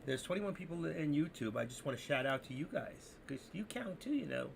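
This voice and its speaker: A man hosting a live trading stream, talking to viewers in an excitable, rambling, joking way. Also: fairly high pitch, brisk, gravelly, a little hiss or hum. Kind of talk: casual live-stream commentary.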